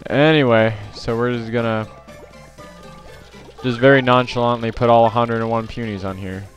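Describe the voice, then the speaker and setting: A man's voice: mid-range voice, steady tone, normal speed, lo-fi sound, soft background music. A man giving casual gameplay commentary as a let's play host, rambling with lots of fillers and self-corrections.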